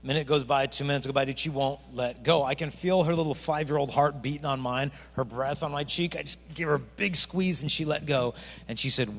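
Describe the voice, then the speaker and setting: Man, animated speaker, fairly high voice, youth assembly talk, hall reverb. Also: fairly quick, vocal fry. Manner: animated storytelling with acted-out voices. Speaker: chastity speaker. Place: parish hall. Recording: echoey hall.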